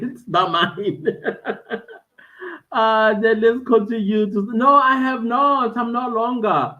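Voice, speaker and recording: On a tinny, phone-like stream, a South African woman with a fairly bright, higher-pitched voice speaks slowly. She's hosting a casual live stream from a friend's den at home, talking animatedly to viewers and reading out what they type in chat.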